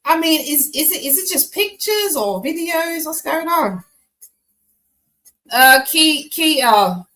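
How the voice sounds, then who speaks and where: A chatty woman talks straight to her live viewers in loose, slangy banter. Her voice sits a bit high and sounds bright and forward. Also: sing-song, takes it slowly, poor audio. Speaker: tarot reader hosting a live stream. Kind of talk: casual live-stream chat.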